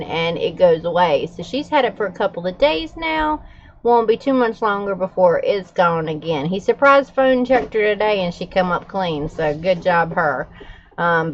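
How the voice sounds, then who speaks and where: A woman's voice: fairly low pitch, highs cut off, slight background noise. A middle-aged woman, chatting candidly to her viewers with frequent fillers and laughs. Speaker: vlogger. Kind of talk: casual chat to camera.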